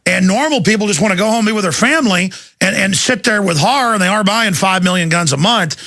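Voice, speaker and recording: A man hosting a talk radio interview, forceful and ranting in a gravelly voice. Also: high voice, quick pace, no room sound, clean studio sound. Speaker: host.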